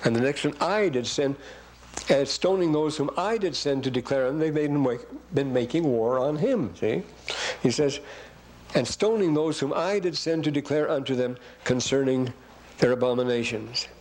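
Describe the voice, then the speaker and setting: A man's voice: mid-range voice, normal speed, darkish tone, low-quality recording. A man teaching a scripture class who reads verses aloud and keeps breaking off to comment and question the class. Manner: rambling, asks the class questions.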